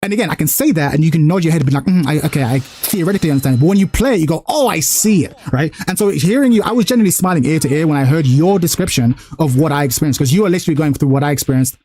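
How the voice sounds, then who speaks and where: A young man hosting a stream, talking fast and animatedly, arguing his point and acting out quotes in casual chat. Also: fairly high pitch, animated, mellow, slightly rough. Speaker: streamer host.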